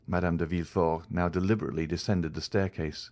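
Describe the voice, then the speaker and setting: A man reading a classic novel aloud as an audiobook narrator, in a measured, dramatic way. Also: deep voice, fairly even intonation, a little mellow, dry recording. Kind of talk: scripted narration.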